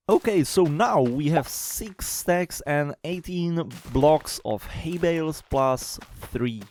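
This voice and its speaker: A man's voice: medium pitch, darkish tone. A man casually narrating his gameplay as a video game channel host, chatty and lightly self-mocking, with non-native English phrasing. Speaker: Minecraft YouTuber.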